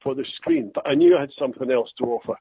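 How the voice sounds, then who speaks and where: A man's voice: medium pitch, quick pace, gravelly, slightly rough, dry recording. Scottish man telling stories down a tinny line. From Scotland. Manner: storytelling, self-deprecating, quotes others in lively voices. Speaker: actor guest. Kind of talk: anecdotal interview chat. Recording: dry tinny phone-like line.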